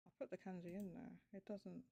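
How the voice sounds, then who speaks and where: A woman hosting a casual livestream chat, thinking aloud with halting restarts as she works something out. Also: lowish voice, flat delivery, vocal fry, dark tone, breathy edge. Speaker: show host.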